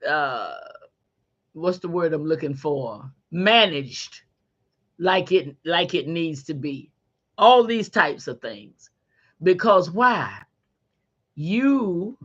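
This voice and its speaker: A middle-aged woman hosting a podcast, giving a faith-based motivational talk in a folksy, animated way and calling listeners honey. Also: medium pitch, highs cut off. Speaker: podcast host.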